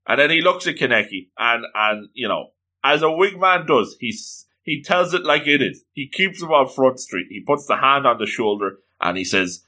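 Male storyteller, exclamatory and animated, bright tone, voices the characters. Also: mid-range voice, normal speed. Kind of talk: casual retelling of a comic story.

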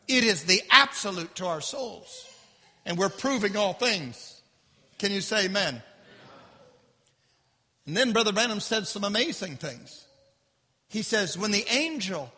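A man preaching with great fervor, his voice very high and piercingly bright. The tone is husky and breathy, and a long hall reverb trails every phrase. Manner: impassioned preaching, builds to shouts then drops low. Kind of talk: sermon.

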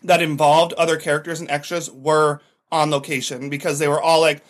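Podcast guest: chatty man, a touch high-pitched, rambling anecdotes full of "like". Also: level tone, brisk. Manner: chatty storyteller, heavy use of "like". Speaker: podcast guest, former TV extra. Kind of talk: casual chat.

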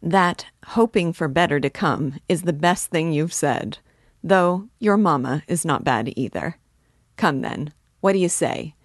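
Reading in a low, measured voice, a woman voices a boisterous young student who jokes with his sick friend while ordering him about, his mood hearty. The studio-quality recording has no room sound.

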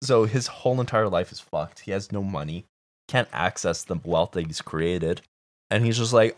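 Young male co-host, low-pitched, dry close sound, profane animated ranting. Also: moderate pace, dry recording. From Canada. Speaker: podcast co-host. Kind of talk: casual chat.

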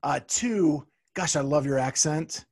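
A man hosting a podcast interview, easygoing and a bit halting as he sorts out his questions. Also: on the high side, darkish tone. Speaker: podcast host.

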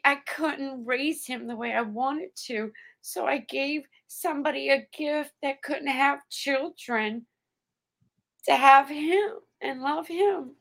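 A woman speaks slowly and earnestly, her high voice catching in a gravelly fry. She takes her time over each thought. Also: fairly bright tone. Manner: earnest, heartfelt. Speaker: guest. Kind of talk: emotional personal account.

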